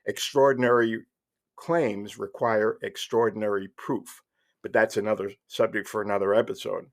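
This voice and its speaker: A man in his sixties tells a true story in a casual monologue. His voice sits a bit low. He rambles through asides and restarts with a wry tone. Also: fairly even intonation, moderate pace. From New Jersey. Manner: wry, digressive, with fillers and restarts. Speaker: podcast host.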